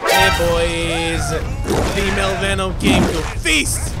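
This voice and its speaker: A man commenting energetically on his own gameplay, often shouting and laughing as he plays. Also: high voice, lively intonation, a little slow. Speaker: gaming YouTuber. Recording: music playing behind.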